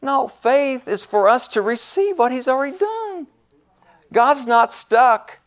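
A man preaching a sermon, emphatic and repetitive, swinging between loud stresses and hushed asides. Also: extremely high pitch, big pitch swings, takes it slowly.

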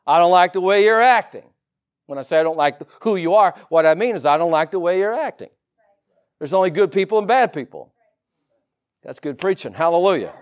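A man with a Southern US accent preaches to his congregation in a loose, folksy way, full of asides and quick laughs. His voice sits a little high for a man and swings up and down with lively energy. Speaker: pastor. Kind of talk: sermon.

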